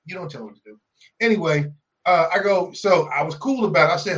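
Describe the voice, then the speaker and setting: A man co-hosting a podcast, telling a story in a casual, profane, animated way and acting out the people in it. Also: on the high side, fast talker, lo-fi sound. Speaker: podcast co-host. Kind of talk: casual chat, storytelling rant.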